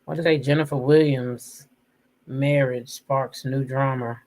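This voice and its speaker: A woman hosting a casual gossip commentary, chatty and loose, with drawn-out hums and fillers. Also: rumbling low, fairly even intonation, darkish tone. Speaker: host.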